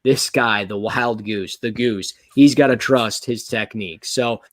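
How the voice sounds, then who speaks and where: Rambling excitable sports podcast host, dry sound. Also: male voice, fairly low pitch, unhurried, dry recording. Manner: rambling and excitable, many restarts. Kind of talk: casual sports chat.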